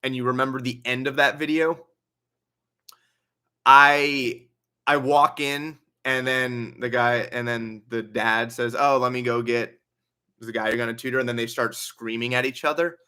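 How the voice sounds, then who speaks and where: A man's voice: mid-range voice, fairly even intonation, a little slow, sharp tone, smooth. A young man hosting a casual livestream Q&A, reading donations aloud and chatting with a laugh in his stories. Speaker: livestream host.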